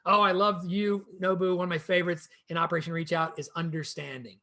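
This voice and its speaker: A man presenting a real estate training session in an energetic, conversational way, speaking to a co-host and the viewers. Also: sits high, fairly quick.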